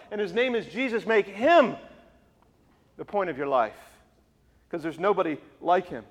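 A male pastor delivers a sermon with emphatic, insistent phrasing, repeating lines for force. His voice sits somewhat high for a man. The sound rings with the long reverb of a large church hall. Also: lively intonation, moderate pace. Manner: emphatic, rising to forceful repetition.

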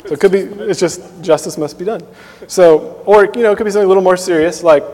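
A man's voice: sits high, fast talker, darkish tone, long reverb tail. A man giving a sermon as a pastor, in a conversational manner, often asking listeners questions and adding "right?".

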